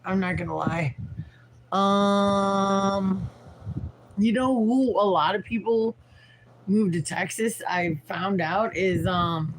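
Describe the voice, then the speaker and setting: Background noise accompanies this medium-pitched woman as she livestreams. She's a worn-out vlogger from St. Louis in the Midwest US, rambling candidly, cursing offhandedly, and relying heavily on filler words.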